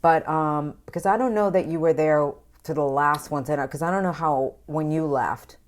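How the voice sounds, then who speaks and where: A woman hosting a casual interview, engaged and quick with short affirmations. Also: deep voice. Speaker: podcast host.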